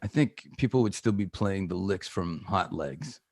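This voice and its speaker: Canadian man, middle-aged, guest in a casual chat; low-ish voice, animated storyteller, dry close sound. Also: moderate pace, no echo. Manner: animated storyteller who acts out quoted voices. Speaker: guest guitarist.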